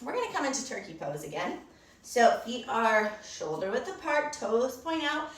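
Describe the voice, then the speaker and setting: A woman's voice: fairly high pitch, sing-song, normal speed, roomy sound, recorded from a distance. A woman teaching a storytime yoga lesson to children, encouraging them, asking them questions and praising them.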